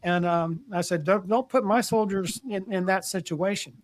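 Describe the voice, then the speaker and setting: A man's voice: sits high, moderate pace, no echo. An older man, a retired army general, telling war stories in a casual interview, plainspoken and restarting his words as he acts out conversations.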